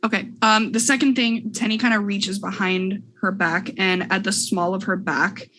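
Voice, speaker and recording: Bright-voiced woman playing a tabletop game. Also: medium pitch, fairly even intonation, moderate pace, slight background noise. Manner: chatty, asks questions in turn. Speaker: player. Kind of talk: casual tabletop play.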